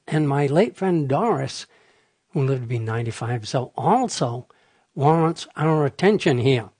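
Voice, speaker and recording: An older man hosting a radio show, spinning folksy anecdotes in a relaxed, chatty way. His voice is husky and a bit higher than most men's. The sound is dry and close, with no room around it. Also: dry recording. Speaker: radio host. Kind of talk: casual storytelling on radio.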